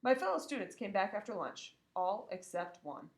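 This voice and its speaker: Expressive woman reading a children's book. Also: medium pitch, normal speed. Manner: expressive, acts out the characters. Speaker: reader. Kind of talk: children's book read-aloud. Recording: echoey room.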